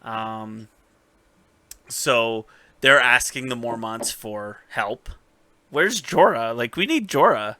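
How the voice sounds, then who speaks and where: A man co-hosting a casual recap podcast, retelling scenes with animated storytelling, swearing and acting out the characters' lines. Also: medium pitch, takes it slowly, long pauses, no echo. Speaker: podcast co-host.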